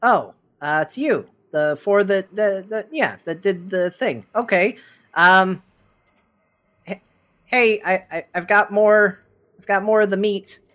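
A man's voice: sits high, slow pace, sharp tone, pitched above the performer's own voice, full character voice. A game master voicing a small, fussy male gnome servant who stammers and apologizes. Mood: nervous.

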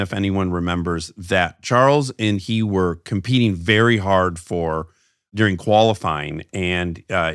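In a fairly low voice, a middle-aged podcast host spins a story in casual conversation, lively and performing each quoted character's voice. The sound is studio quality with no room sound.

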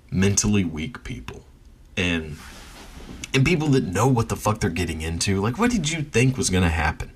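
A man's voice: deep voice, breathy edge. A man ranting bluntly and profanely in a casual monologue, often laughing between his points. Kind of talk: casual rant.

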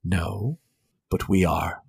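A man voicing a cruel, amused female vampire official, speaking low and soft. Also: normal speed, breathy edge. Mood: menacing.

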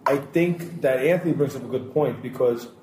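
A podcast co-host in a casual roundtable spins long anecdotes, quoting what other people said. His medium-pitched voice is darkish at a moderate pace. The room echoes noticeably, with a faint hiss in the background.

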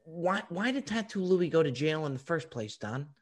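A man's voice: fairly high pitch, very animated, normal speed. A man hosting a podcast, teasing his co-host with playful exasperation in casual comedic banter.

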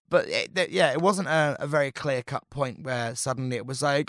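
A man's voice: mid-range voice, a little fast, hardly any pauses, no room sound. Chatty man with a dry sound. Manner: chatty, animated, breaks into quoted voices. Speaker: cabaret and drag performer. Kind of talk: casual podcast chat.

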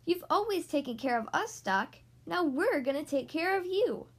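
A woman's voice: high voice, expressive, moderate pace. A woman voicing a loyal, eager boy toy dragon, earnest and determined, in a storybook reading.

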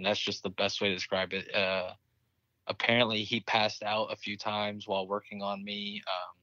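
A young military veteran, appearing as an interview guest, candidly tells a war story in casual conversation, swearing freely and laughing at grim moments. His fairly low voice is pushed and bright, and the recording is lo-fi with no room sound.

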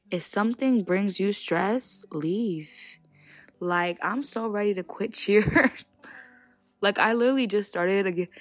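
A young woman hosts a casual solo podcast, speaking her mind in an animated, outspoken way. Her voice sits on the low side and has a gravelly, fried texture. Faint music plays behind her. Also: no room sound. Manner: animated, outspoken, laughs between points. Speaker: podcast host.

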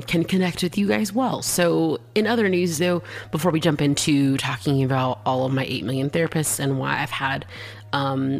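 Bubbly chatty woman podcast host. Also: gravelly. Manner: bubbly, chatty, laughs often, high excited spikes. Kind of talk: casual solo podcast chat.

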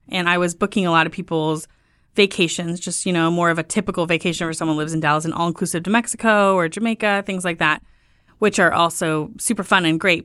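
A woman in her thirties, a guest on an interview show, telling her story in a relaxed, chatty way. Her voice sits a bit low and jumps up whenever she acts out what people asked her. The recording is close and dry. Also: clean tone, dry recording. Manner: lively, acts out quoted questions with lifts in pitch. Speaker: guest, travel tour founder.

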